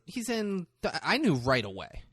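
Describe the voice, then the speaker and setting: A blunt, wisecracking man in casual podcast banter, swearing and cutting in often. His voice sits a little high and swings widely in pitch, close and dry on the mic. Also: huge pitch swings, moderate pace, fairly bright tone, husky, dry recording. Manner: blunt, joking, swears a lot, cuts in. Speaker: podcast co-host.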